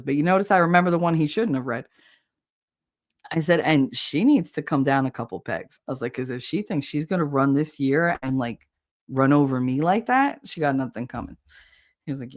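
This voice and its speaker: A woman hosting a livestream, telling stories in a blunt, profane, laughing way. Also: rumbling low. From Hoboken, New Jersey. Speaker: livestream host. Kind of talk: casual storytelling chat.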